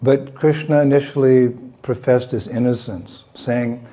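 A man giving a devotional talk, telling a scripture story in a measured way and acting out its characters. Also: medium pitch, dark tone. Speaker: devotional speaker.

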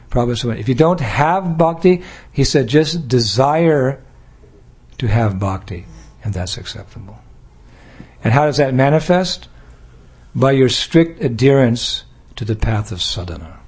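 An older American man, a spiritual teacher, gives a devotional talk in a voice that sits on the high side with a darkish tone. He's playful, acting out little scenes and laughing along with them.

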